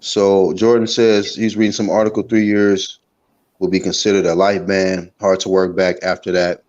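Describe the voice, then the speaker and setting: A man's voice: deep voice, flat delivery, normal speed, a little mellow, lo-fi sound. A man co-hosting a live boxing talk show, blunt and heated, swearing freely. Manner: blunt, heated, profane critique. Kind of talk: casual live-stream chat.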